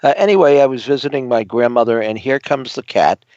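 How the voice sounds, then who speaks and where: A talk-show co-host speaks in a halting way, pausing often with fillers between words. The sound is dry, with no room around the voice, and dull, like lo-fi audio. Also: male voice, medium pitch, a little mellow, no echo. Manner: hesitant, halting, many uh's. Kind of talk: casual talk-show chat.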